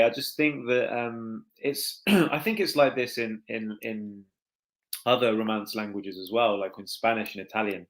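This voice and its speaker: Male guest consultant, fairly low voice, measured and a little hesitant. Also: fairly bright tone, low-quality recording. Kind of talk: casual chat as guest.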